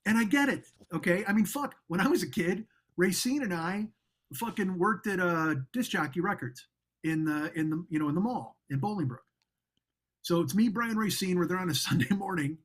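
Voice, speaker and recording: Husky, profane storytelling man. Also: high voice, moderate pace. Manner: profane, animated, mocking impressions. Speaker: comedian co-host. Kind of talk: casual storytelling chat.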